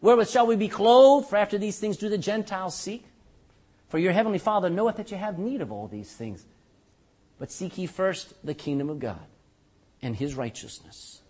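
An older man preaching a sermon as pastor, animated and joking, with rhetorical questions to his congregation. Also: fairly high pitch, moderate pace, long pauses, slightly rough.

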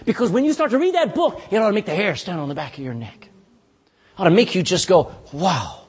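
A man preaching a sermon as pastor, impassioned and pleading, with sudden drops to a hush. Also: high voice, lively intonation, brisk, breathy edge.

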